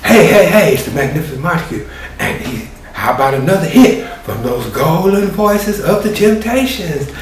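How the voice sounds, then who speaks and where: A man's voice: a little high, sing-song, normal speed. A man doing a showy radio disc jockey. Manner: showy announcer patter. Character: smooth-talking male radio disc jockey. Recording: roomy, distant, faint hiss.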